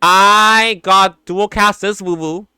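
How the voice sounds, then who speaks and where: A man streaming in a casual chat, animated and giggly, breaking into sound effects. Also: high-pitched, takes it slowly, clean tone, dry recording, studio quality.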